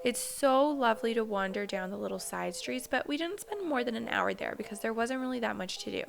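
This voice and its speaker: Young female travel vlogger, casual and rambling, with a slightly high, gravelly voice over loud music. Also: expressive, brisk. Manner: chatty, rambling, with fillers and restarts. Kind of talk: casual vlog talk to camera; voice-over narration.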